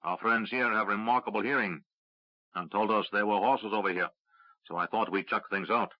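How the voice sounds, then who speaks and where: A man's voice: fairly low pitch, steady tone, normal speed, dry recording, natural voice. A man voicing a friendly, wry veteran soldier, easygoing and jokey, in a dry, slightly dull recording.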